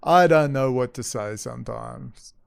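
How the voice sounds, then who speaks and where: A man's voice: medium pitch, a little slow, creaky, clear, resonant tone, dry recording, studio quality. A man hosting a profane, heated commentary show, sarcastic and openly frustrated as he rants. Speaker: host.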